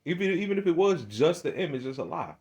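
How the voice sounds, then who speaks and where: A man's voice: very animated, quick pace, a little mellow. A man giving a preaching monologue, heated and emphatic, with many restarts. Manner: starts low and hesitant, grows heated and emphatic. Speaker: religious video speaker.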